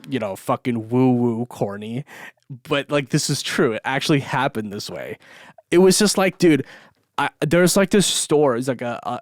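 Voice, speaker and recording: A man's voice: medium pitch, no room sound, clean studio sound. A man telling a story in a loose, rambling podcast monologue, swearing often and full of fillers. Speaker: podcast host. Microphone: camera mic.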